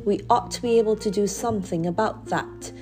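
A woman's voice: medium pitch, a little fast, darkish tone, faint music behind, pitched above the performer's own voice, natural voice. A woman voicing a friendly, earnest brownie schoolboy in a children's story reading.

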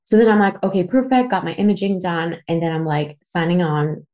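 Woman in her thirties, from Canada, low-pitched, emotional, tearful, candid, swears freely. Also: steady tone, fairly quick, darkish tone, muffled recording. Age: 30s. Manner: emotional, swearing, lots of fillers. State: tearful at times. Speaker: podcast host. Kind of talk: candid personal storytelling.

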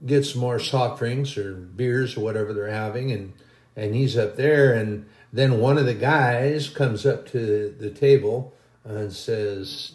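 A man's voice: medium pitch, unhurried, a little mellow, echoey room. A man preaching a sermon, telling a long everyday story in a folksy, rambling way.

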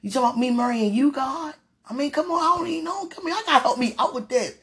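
A religious speaker, a woman with a high voice, prays aloud at a quick pace. Her prayer is fervent, pleading, and rambling, emotional, with laughter between phrases.

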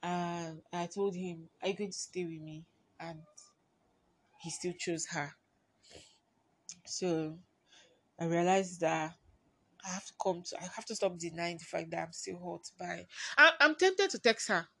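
A woman hosting her own podcast, talking through a personal story in a confiding way and often trailing off quietly. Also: on the low side, flat delivery, a little slow, long pauses, slightly rough, no room sound. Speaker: podcast host.

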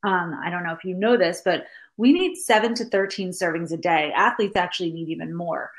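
A woman's voice: lowish voice, a little fast. A woman in her thirties, a guest in a casual interview chat, talking in a chatty, explanatory way with many fillers.

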